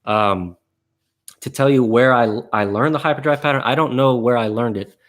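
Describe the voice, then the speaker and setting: A man's voice: medium pitch, moderate pace, a bit bright. A man teaching a live online guitar class in a casual, rambling way, with many fillers and restarts.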